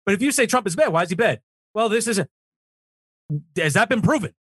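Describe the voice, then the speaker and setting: A man's voice: high-pitched, animated, brisk, breathy edge, dry recording, studio quality. A man on a political talk show, ranting heatedly and swearing emphatically.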